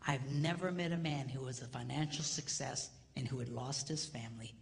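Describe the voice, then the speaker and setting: A male seminar speaker addressing a live audience in a comedic, preacher-like way. He swings from hushed near-whispers to loud, laughing shouts. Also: mid-range voice, a little fast, gravelly. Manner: preacher-like exhortation. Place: large hall before a live audience. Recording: hall reverb with faint noise.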